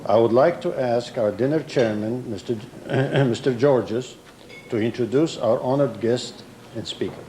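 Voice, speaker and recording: A man serving as master of ceremonies introduces the next speaker in a measured, formal tone. His voice is mellow and warm, sitting at a middle pitch, with a faint room hum behind it. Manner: measured and formal, with a small slip.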